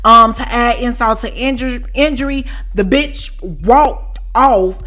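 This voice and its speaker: A woman telling a story to her viewers in a casual, profane, animated way, often asking if you know what she's saying. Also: on the high side, takes it slowly. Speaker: storytime vlogger.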